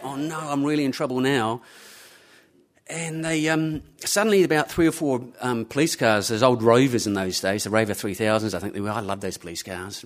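A man telling a story live to an audience, animated and acting out the people in it. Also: mid-range voice.

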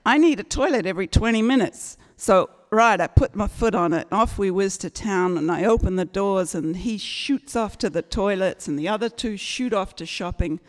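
A woman telling a humorous personal story, animated and acting out the people in it. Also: medium pitch, moderate pace, hardly any pauses. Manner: lively, animated, acts out the people in her story. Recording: long reverberant hall.

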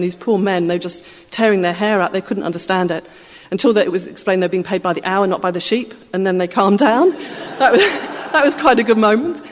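A woman tells an anecdote to a live audience, lively and amused, in a plain conversational way. Her voice sits at a middle pitch for a woman. The sound rings with a long reverb, as in a large hall. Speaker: storyteller.

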